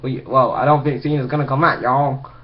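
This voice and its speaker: A man's voice: medium pitch, steady tone, fairly quick, natural voice. A man putting on a fumbling impression of a drawling wrestling commentator, in a dull lo-fi recording. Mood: mocking.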